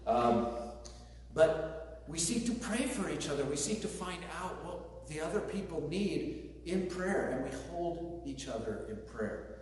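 A man's voice: a little high, very animated, a little slow, a little mellow. Man preaching in a very echoey hall. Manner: conversational, with joking asides. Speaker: pastor. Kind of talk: sermon. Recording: very echoey hall, distant mic, faint noise.

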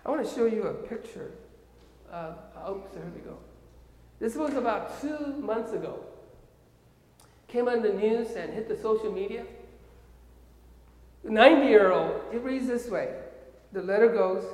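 A man from Korea with a Korean accent, preaching a sermon as an animated storyteller who keeps checking in with his listeners. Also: high voice, a little slow, long pauses. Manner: animated storyteller, often checks in with "okay?" and "right?". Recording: echoey hall with long reverb.

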